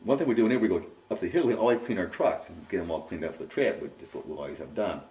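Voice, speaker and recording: A middle-aged man giving a rambling, animated personal account in an interview, often repeating his words. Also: deep voice, very fast. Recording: roomy and distant from the mic.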